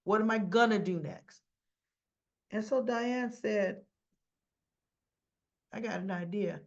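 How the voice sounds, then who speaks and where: Woman with a rough gravelly voice retelling soap scenes, loose and chatty, lots of um and like. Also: medium pitch, slow, dull audio. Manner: chatty retelling with quoted dialogue, fillers and self-corrections. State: rough-sounding voice. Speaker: soap opera recap vlogger. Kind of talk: casual episode recap.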